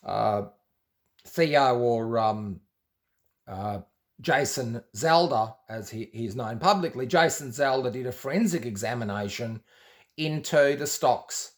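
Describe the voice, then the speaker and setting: A man's voice: mid-range voice, slow. A man telling a personal story in a loose, rambling way, with many restarts and quoted exchanges. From Australia. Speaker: former Jehovah's Witness telling his story. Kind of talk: casual storytelling monologue.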